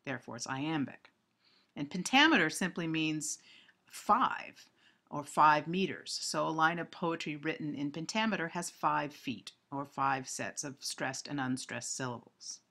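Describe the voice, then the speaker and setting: Low gravelly-voiced woman lecturing. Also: unhurried, fairly bright tone. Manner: explanatory, with frequent ums and self-corrections. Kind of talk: recorded literature lecture.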